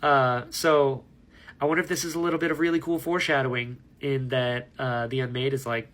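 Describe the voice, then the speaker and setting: A man's voice: medium pitch, flat delivery, a little fast, fairly bright tone. A man talking casually to camera about a book he is reading, rambling and enthusiastic, laughing at himself. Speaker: book vlogger. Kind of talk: casual book reaction vlog.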